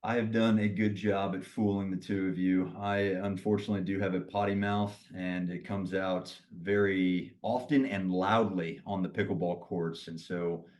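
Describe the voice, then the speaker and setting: A man speaking as a guest on a podcast in casual chat, earnest and quick to laugh. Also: low-pitched, steady tone, darkish tone. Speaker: podcast guest, league founder.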